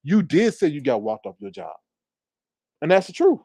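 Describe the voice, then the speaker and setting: A man doing casual commentary into a phone at home, sassy and animated, his voice climbing higher when he gets riled. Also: normal speed, slightly rough, dry recording. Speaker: commentary vlogger.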